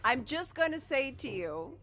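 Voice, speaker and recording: A woman's voice: high voice, big pitch swings, unhurried, heavy background noise. A young adult woman co-hosting a podcast, playful and teasing in casual chat. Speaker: podcast co-host. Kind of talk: casual chat recapping a sitcom.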